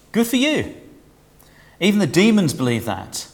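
A man delivers a sermon in a chatty, conversational way, tossing rhetorical questions at his listeners. His somewhat high voice swoops up and down with lively animation. Long reverb trails behind every phrase. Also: normal speed, pauses often. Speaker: preacher.

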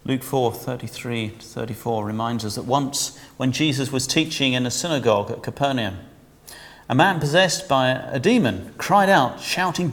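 A man preaching a sermon in a lively, conversational way, asking his listeners questions. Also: mid-range voice, normal speed, in a large hall.

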